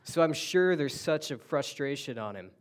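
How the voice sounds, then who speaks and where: A man's voice: on the high side, lively intonation, moderate pace, clear, resonant tone. A man preaching a sermon, telling the story conversationally with restarts and asides. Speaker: pastor.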